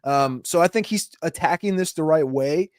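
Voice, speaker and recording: A man's voice: on the high side, no room sound, studio quality. A man co-hosting a football podcast, thinking aloud with plenty of "um" and "you know.". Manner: thinking aloud, with hedging fillers and drawn-out pauses. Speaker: fantasy football podcast co-host. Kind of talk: casual sports chat.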